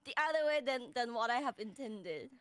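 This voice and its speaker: A woman co-hosting a casual stream chat, laughing often and talking in an animated way. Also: a little high, moderate pace, no echo, clean studio sound. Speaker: streamer co-host.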